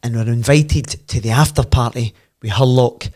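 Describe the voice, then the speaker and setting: A Scottish man in his fifties with a Glasgow accent, a podcast guest telling old football stories in a lively way, swearing and laughing as he goes. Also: medium pitch, moderate pace. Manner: animated, laughs and swears freely while telling. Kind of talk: casual anecdote storytelling.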